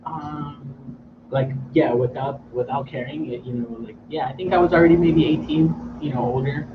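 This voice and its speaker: A man with a mid-pitched voice answers in a loose, easygoing way, trailing off into fillers. He sounds far from the mic. The sound is dull, with a clear hiss behind it. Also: fairly even intonation, moderate pace. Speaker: radio show co-host. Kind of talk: casual chat.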